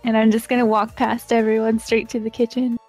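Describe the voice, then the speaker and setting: A woman's voice: on the high side, little pitch movement, fairly quick, darkish tone, faint music behind. A woman playing a tabletop role-playing game, talking casually and slipping into a stilted in-character voice. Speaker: player.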